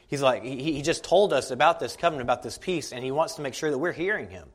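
A man preaching a sermon, earnest and halting, often restarting his words, and reading scripture aloud slowly and deliberately. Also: medium pitch, animated. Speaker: pastor.

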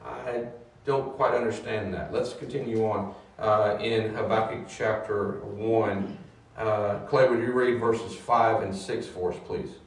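Teacher in an echoey far-off room. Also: male voice, fairly low pitch, slow pace. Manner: hesitant with many fillers, grows animated. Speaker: Bible study teacher. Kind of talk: teaching a Bible class.

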